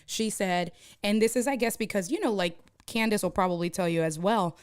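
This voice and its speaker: A young woman streaming live tells a story in a casual, lively way. Her New comes through, and her voice leaps higher whenever she acts out what someone said. Her pitch sits in the middle for a woman. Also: a little fast, clean tone, no room sound, clean studio sound. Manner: animated, acts out quoted voices with jumps in pitch.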